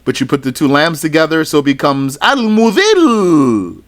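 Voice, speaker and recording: This man's voice sits a little high and sounds fairly bright, with a level tone and a quick pace. In a slow recitation-style religious studies lesson, he goes through a list one item at a time, dropping in brief explanations.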